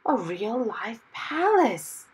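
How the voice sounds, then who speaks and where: A woman voicing a fussy, easily flustered little man who sputters out excited exclamations. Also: a little high, a little slow, gravelly, voice pushed up, full character voice.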